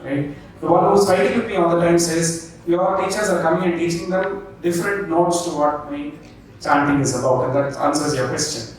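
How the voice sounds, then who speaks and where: Man, public talk, teacherly, frequent check-ins, somewhat high voice, far from mic, big echo. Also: normal speed. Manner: leads the audience through movement drills. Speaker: pianist giving a talk. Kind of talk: public talk and panel answer. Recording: very echoey hall, distant mic.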